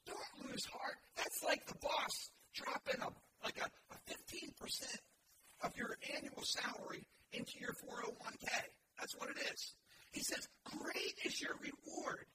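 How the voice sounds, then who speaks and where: A man preaching a sermon to a congregation in a church, leading call-and-response and building to shouted emphasis. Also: unhurried. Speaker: pastor. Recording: echoey, distant and noisy room recording.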